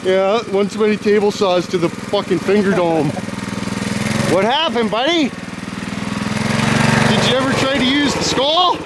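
Dude cursing and hollering over a revving small engine outside, drawn-out talk. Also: male voice, high voice. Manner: swears constantly, laughs, hollers. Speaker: vlogger filming friends. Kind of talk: profane excited play-by-play commentary. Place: outdoors in a yard. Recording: outdoor camera audio with engine noise.

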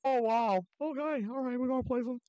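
A man putting on a high, squeaky mock-British voice as a pompous male streaming etiquette gentleman, giggly and flustered while commenting on his game. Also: fairly even intonation, fairly quick, smooth, no room sound, dull audio. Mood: playful. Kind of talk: live gameplay commentary in character.

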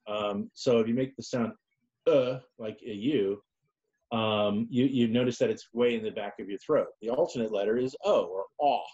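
Halting lecturer man, lo-fi sound. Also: fairly low pitch, a little mellow. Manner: halting, many ums and restarts. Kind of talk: informal lecture. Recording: dull lo-fi recording.

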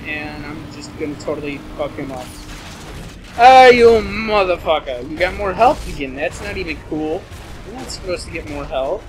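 A man's voice: sits high, noisy background. A man giving profane, rambling let's play commentary and getting easily frustrated with the game. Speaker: gameplay commentator. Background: game music.

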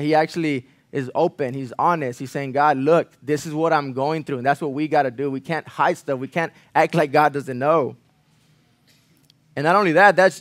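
A man preaching a sermon in a church, earnest, repeating phrases for emphasis, rising loud on key lines and falling quiet after. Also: dry recording. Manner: earnest, swells louder on key lines then drops low. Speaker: pastor.

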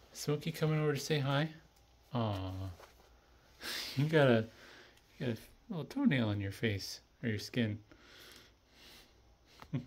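A cat owner filming and talking to their pets in a cooing, affectionate voice with soft laughs. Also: medium pitch, slightly rough. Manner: cooing, affectionate pet talk.

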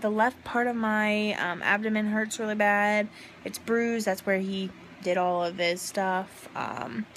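A woman's voice: medium pitch, fairly bright tone, slight background noise. A young woman in a casual vlog, recording on a handheld phone at home and talking frankly while in pain after surgery, rambling and swearing casually. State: in pain, burping. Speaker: vlogger. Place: home, indoors.

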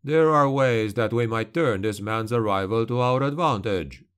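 A man voicing a calm, sinister male shadow creature for an audiobook, hissing and slow. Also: mid-range voice, clear, resonant tone, lightly acted. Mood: cold menace.

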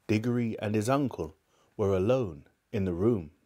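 A man reading a children's novel aloud on a live stream, with expressive storytelling delivery. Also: on the low side, normal speed. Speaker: narrator.

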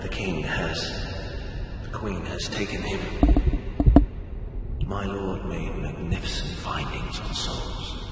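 A grave old royal chancellor. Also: male voice, deep voice. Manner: slow, solemn, stately speech. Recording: echoey hall with game music.

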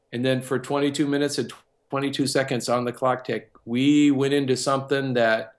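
A man with a mid-range voice, a music producer and composer, tells a personal story in a casual interview. Along the way he acts out other people's lines.

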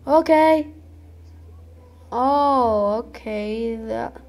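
A woman's voice: sits high, very slow, a little mellow. A woman giving casual, playful gameplay commentary with dramatic outbursts at the game. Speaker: gaming channel host.

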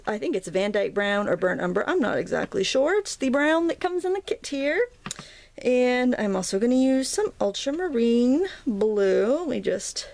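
A woman's voice: fairly high pitch, vocal fry, no echo. A woman in her thirties hosting a casual painting tutorial, chatty and rambling, with lots of ums as she works. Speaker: craft video host.

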